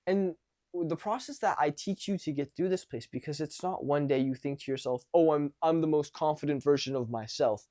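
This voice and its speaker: A man's voice: a little high, moderate pace. A man coaching social confidence, talking casually to camera and acting out example conversations. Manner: animated, acts out example conversations; loose, conversational with frequent restarts.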